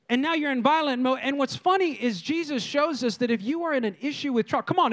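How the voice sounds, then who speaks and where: Man, very high voice, pastor, sermon, lively storyteller, addresses congregation. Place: church.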